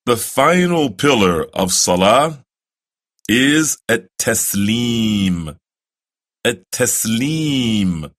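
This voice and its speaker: A man giving careful instruction to new Muslims, reciting prayer phrases slowly and deliberately so the listener can repeat them. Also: fairly low pitch, lively intonation, fairly bright tone. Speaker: religious instructor. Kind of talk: slow, careful instructional narration.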